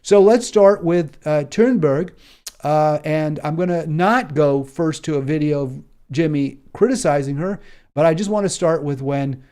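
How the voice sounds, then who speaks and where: Give me an American man hosting political commentary, impassioned and emphatic, with a slightly high, warm voice. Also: unhurried, clear, resonant tone. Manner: impassioned, emphatic repetition, frequent fillers and restarts.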